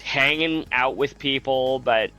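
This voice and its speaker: A man's voice: medium pitch, takes it slowly, sharp tone, smooth, soft background music. A man streaming a video game, chatting casually and jokingly with his viewers. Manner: laid-back, joking, talks to chat. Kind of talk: casual live-stream chat.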